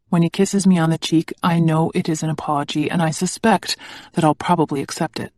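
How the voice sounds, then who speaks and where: An audiobook narrator reading a first-person romance novel in an even, measured way. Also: medium pitch, no room sound.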